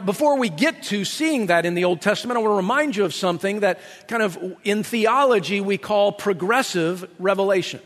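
High-voiced preacher in an echoing hall. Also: male voice, a bit bright. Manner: explanatory, conversational, asks 'right?'. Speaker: pastor. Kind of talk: sermon.

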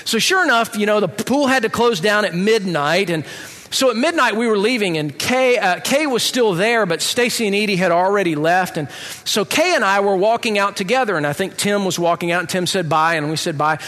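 A middle-aged man giving a personal testimony in an animated, comic storytelling manner. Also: sits high, brisk. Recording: reverberant hall.

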